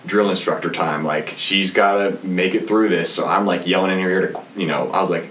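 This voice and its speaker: A man's voice: low-pitched, a little fast, few pauses, a little hiss or hum. A man who works as a fitness coach, telling gym stories in casual, profane podcast chat. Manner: profane, animated storyteller. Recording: roomy with faint ambience.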